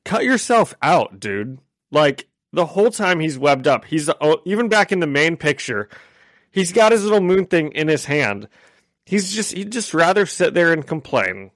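A man with a somewhat high voice giving blunt, opinionated takes in a casual comics podcast. He laughs easily as he talks. The sound is close and dry. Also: sing-song, normal speed, a bit bright, no echo. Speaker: podcast co-host. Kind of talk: casual comic book chat.

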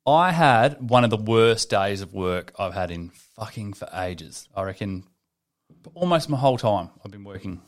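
A young man co-hosting a podcast, telling animated stories and swearing freely. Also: fairly low pitch, normal speed. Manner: swears a lot, animated storytelling. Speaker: podcast co-host. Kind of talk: casual podcast chat.

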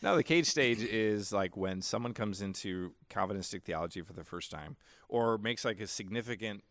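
Male podcast co-host, low voice, dry room, halting delivery with deadpan humor. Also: no room sound. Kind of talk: casual chat.

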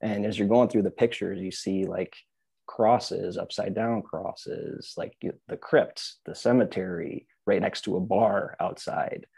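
Man, low dark husky voice, casual rambling chat, fillers and restarts. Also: fairly even intonation, a little slow, no room sound. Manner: rambling storyteller, many "like"s and restarts. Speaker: podcast co-host.

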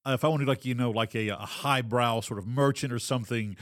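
A man's voice: medium pitch, steady tone, dry recording. Rambling man, dry close sound. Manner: rambling, filler-heavy, drops into quick character voices. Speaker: podcast co-host, game master. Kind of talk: casual chat.

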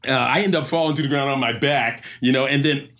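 A man, an obstacle race emcee, telling an animated story and acting out the sounds and voices. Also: medium pitch, brisk, a little hiss or hum. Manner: lively storyteller who acts out sounds and voices.

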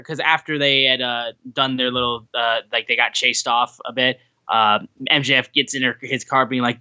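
Bright-voiced male wrestling recap co-host. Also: medium pitch, fairly quick, hardly any pauses, muffled recording. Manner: animated retelling, acts out quotes. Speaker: podcast co-host.

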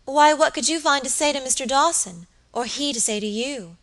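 A woman's voice: high-pitched, moderate pace, fairly bright tone, voice pushed up. A woman reading the part of a pretty, anxious young lady of the house who talks eagerly.

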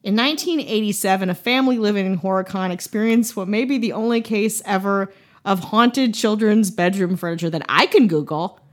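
A woman's voice: mid-range voice, a little fast. A woman from Wisconsin hosting a podcast, telling a ghost story in a casual, playful way with joking asides. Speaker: podcast host.

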